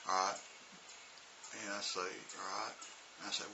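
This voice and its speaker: A man's voice: lowish voice, flat delivery, measured pace, gravelly, noisy background. A man, an English teacher, telling a casual, rambling story full of "you know" and "uh". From United States.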